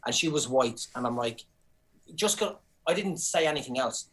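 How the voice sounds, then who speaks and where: A middle-aged Irish comedian telling stories in casual chat, animated and sweary, restarting his sentences often. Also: medium pitch, normal speed, poor audio. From Ireland. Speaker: comedian guest.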